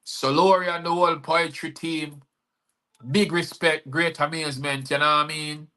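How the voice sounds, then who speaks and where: A man's voice: on the high side, level tone, moderate pace, pushed and bright. A man hosting a live-streamed show, talking in a rambling, earnest way with many fillers. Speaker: host and poet.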